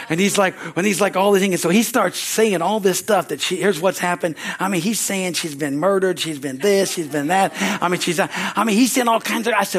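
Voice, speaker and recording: A man preaching a sermon as pastor, telling rambling, animated stories full of restarts. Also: sits high, fairly quick, few pauses, breathy edge. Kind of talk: sermon storytelling. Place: church sanctuary.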